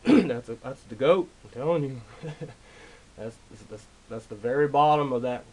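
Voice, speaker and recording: A man's voice: mid-range voice, a little mellow, poor audio. Rambling, insistent man talking to camera. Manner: rambling, insistent, often says "you know"; clears throat and chuckles often. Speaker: video lecturer. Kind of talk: casual monologue.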